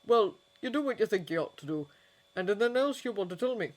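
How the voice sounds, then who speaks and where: A woman voicing a brisk, sarcastic male wizard investigator in a fanfiction audiobook. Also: high-pitched, animated, pitched above the performer's own voice. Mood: casual.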